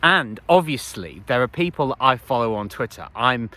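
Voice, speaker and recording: A man's voice: mid-range voice, expressive, moderate pace, sharp tone. A man in his forties talking as a life coach in a casual motivational monologue, rambling with frequent restarts and laughs. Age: 40s.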